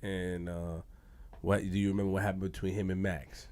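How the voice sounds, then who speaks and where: Low, flat-voiced man asking questions. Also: normal speed. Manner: relaxed, asks questions in loose fragments. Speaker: podcast co-host. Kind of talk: interview questions.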